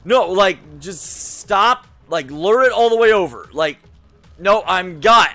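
A man's voice: sits high, animated, takes it slowly, bright, forceful tone, no echo, soft background music. Swearing, frustrated young gamer man. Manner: frustrated, swears a lot, muttering to himself. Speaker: gaming YouTuber. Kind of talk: let's play commentary.

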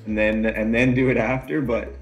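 A man's voice: mid-range voice, flat delivery, moderate pace, faint music behind. A Canadian man with an easygoing manner, answering interview questions casually and laughing often. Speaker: pro mountain bike rider.

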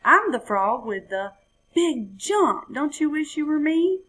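A woman voicing an excited, boastful little male frog who cries out his lines high and loud, in a storybook reading. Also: takes it slowly, heavily acted.

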